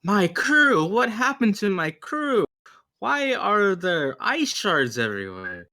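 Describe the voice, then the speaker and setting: A man's voice: high voice, very animated, slow pace, pushed and bright, pitched above the performer's own voice, heavily acted. A man voicing a brash, hard-drinking woman who captains a ship. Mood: alarmed.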